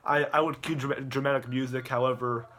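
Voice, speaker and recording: A man's voice: medium pitch, level tone, fairly quick, a bit bright. A man in a rambling rant, full of stammered restarts and swearing. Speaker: youtuber.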